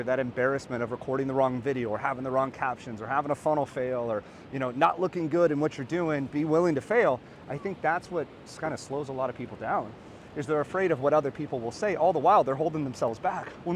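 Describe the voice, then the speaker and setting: A man in his thirties, a podcast host and coach, giving an energetic, earnest motivational talk to camera outdoors by a beach. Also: medium pitch, fast talker, slight background noise. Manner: energetic, animated and earnest, rising to excited peaks.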